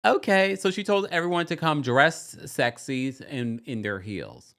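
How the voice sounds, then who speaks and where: A man hosting a casual livestream recap, chatty and animated, often breaking into exaggerated quotes of the people he talks about. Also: a little slow. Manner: animated, chatty, slips into quoting people in exaggerated high voices. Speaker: podcast host recapping a reality show.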